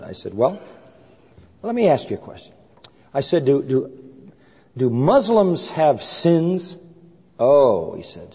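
Speaking at a measured pace with frequent pauses, this preacher has a medium-pitched, mellow and slightly husky voice. He tells an anecdote in his sermon, acting out the dialogue of its characters with lively emphasis. The sound is dull and lo-fi, with a big hall's long reverb.

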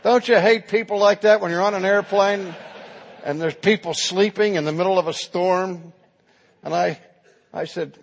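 A man's voice: sits high, steady tone, normal speed, gravelly, big-room sound. A man preaching a sermon, telling the story dramatically and acting out the quotes.

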